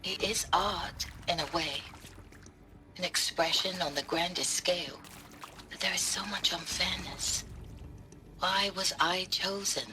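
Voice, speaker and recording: A woman's voice: on the low side, a little slow, pauses often, close to an everyday voice. An actress playing an earnest, idealistic female art historian in a game audio log, speaking in a solemn, questioning way.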